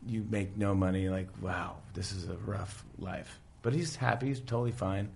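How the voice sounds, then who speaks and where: A man casually retelling a story, animated, often breaking into quoted voices, with faint room sound. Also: deep voice, normal speed, gravelly, slight background noise. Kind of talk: casual chat.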